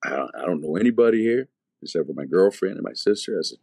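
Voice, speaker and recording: A man's voice: low-pitched, animated, quick pace, creaky, darkish tone, no room sound. A man, an evangelist, telling his conversion testimony in casual, slangy talk full of fillers and restarts.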